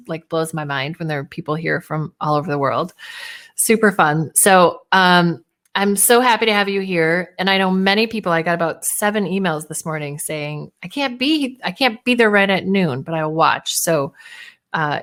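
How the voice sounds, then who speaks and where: A woman's voice: lowish voice, fairly bright tone. A woman hosting a live online workshop as a speaking coach, chatty and bubbly, often laughing.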